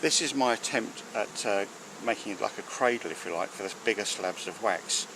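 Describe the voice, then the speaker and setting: This beekeeper talks briskly in a fairly low voice, chatting and rambling with lots of filler words as he works beside a hive outdoors. A handheld or mounted camera captures it, and the buzzing of bees is clearly heard in the background noise.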